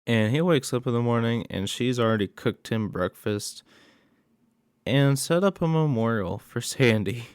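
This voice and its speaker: A man's voice: mid-range voice, expressive, a little slow, smooth, no echo, clean studio sound. A man casually recapping a horror movie plot in a rambling way, with many fillers and asides.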